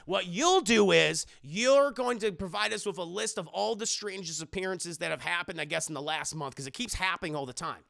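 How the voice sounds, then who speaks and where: A man's voice: high-pitched, a little fast, vocal fry, hardly any pauses, a bit bright. A man voicing a blustering male newspaper editor who rambles out orders. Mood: bossy.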